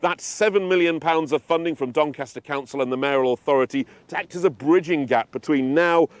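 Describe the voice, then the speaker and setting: A male reporter delivers a live update in a chatty, wry style. His voice is a touch high and sounds dry and close to the mic. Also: brisk, no room sound.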